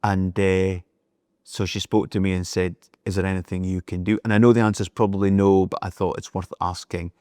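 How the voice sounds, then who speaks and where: A middle-aged businessman, appearing as an interview guest, spins anecdotes in casual conversation and acts out the dialogue as he tells them. His voice is low-pitched and dark, with a flat, brisk delivery. The recording is clean, studio quality, and free of room sound.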